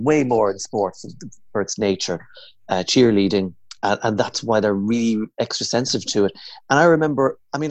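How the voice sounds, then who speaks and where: A man's voice: fairly low pitch, darkish tone, no echo. A man, an impressionist guest, chatting casually and rambling with many fillers and restarts. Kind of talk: casual chat.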